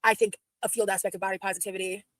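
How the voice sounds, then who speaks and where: A woman in her thirties chatting casually as she reacts to her own old videos, rambling and quick. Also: mid-range voice, flat delivery, fairly bright tone, dry recording, low-quality recording. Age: 30s.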